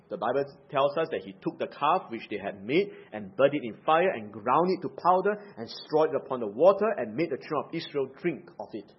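A man preaching a sermon, pressing hard on key words and dropping into quiet asides. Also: on the high side, breathy edge. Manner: emphatic, swings between loud stresses and quiet asides. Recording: dull lo-fi recording.

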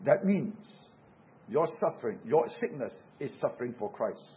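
A man's voice: mid-range voice, very animated, moderate pace, muffled recording. A man preaching a sermon in an earnest, emphatic way, repeating key words for weight. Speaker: pastor.

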